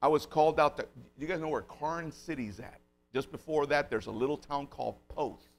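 A man's voice: fairly high pitch, fairly quick. A middle-aged man preaching a sermon, telling stories conversationally and rising into emphatic bursts. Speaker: pastor.

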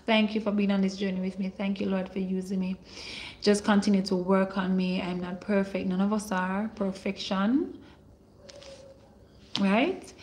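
A woman running a ministry livestream, blessing viewers by name and declaring miracles. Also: mid-range voice. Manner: slow and warm, calling out viewers' names and blessing them; preachy, prophetic declarations. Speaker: online minister hosting a livestream. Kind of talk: livestream greetings and prayer.

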